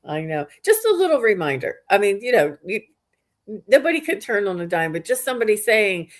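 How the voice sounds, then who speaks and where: A woman's voice: mid-range voice, animated, a little fast. A woman hosting a live psychic reading stream, chatty and reading viewers' comments aloud.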